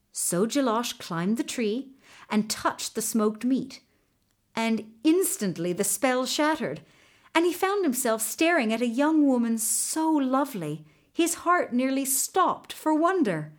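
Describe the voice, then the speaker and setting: A woman storyteller reading a folktale aloud, unhurried and measured. Her fairly high voice rises and falls with lively expression.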